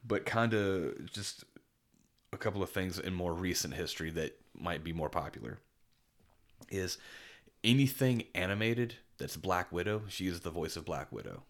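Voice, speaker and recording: Male podcast co-host, very low voice, rambling enthusiastic chat. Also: animated, moderate pace, a bit bright. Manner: rambling, enthusiastic, many restarts and fillers. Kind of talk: casual chat.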